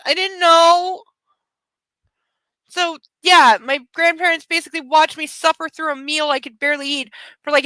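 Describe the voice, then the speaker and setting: Chatty woman livestreaming from home; high, bright, rambling delivery. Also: no room sound. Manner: chatty, rambling, doting asides to her dog. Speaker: streamer reading aloud to chat. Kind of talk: casual livestream chat.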